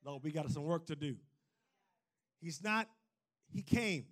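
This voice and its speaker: A high-pitched male preacher delivers a sermon in church. He calls out to the congregation in call-and-response phrases and lifts his lines into a singing cadence. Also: expressive, a little slow, long pauses.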